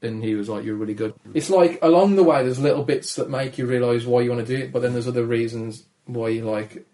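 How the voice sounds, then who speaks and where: A man with a gravelly voice and a Black Country accent, chatting as a guest on a podcast in a shy, low-energy, self-deprecating way. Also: quick pace, mellow. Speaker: comedian guest. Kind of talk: casual podcast chat.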